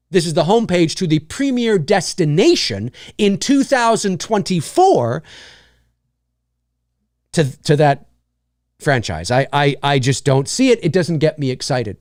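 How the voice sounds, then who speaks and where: Animated man with a lively high voice. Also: measured pace, no echo, studio quality. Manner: animated, repeats phrases, frequent restarts. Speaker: host of a live show. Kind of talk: casual opinion talk.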